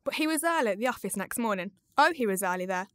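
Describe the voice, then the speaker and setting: A woman reading a classic story aloud in a lively, expressive way. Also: mid-range voice, fast talker, no echo, clean studio sound. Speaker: reader.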